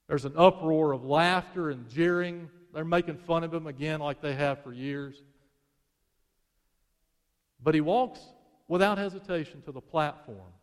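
A male preacher telling a sermon story dramatically, swelling to intensity and then dropping to a hush. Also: on the high side, unhurried. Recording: long reverb of a large hall.

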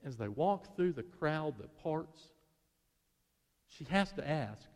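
A male preacher tells a sermon story with dramatic swells and hushed drops. His voice sits high for a man. Every phrase rings out in the long reverb of a large hall or church. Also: very animated, slow pace. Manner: dramatic, swelling then dropping to a hush.

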